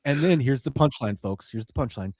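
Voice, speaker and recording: A man's voice: medium pitch, expressive, a little fast, a little mellow, no echo. A man hosting a podcast, telling a long funny story in a casual way, laughing often and swearing freely. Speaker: podcast host.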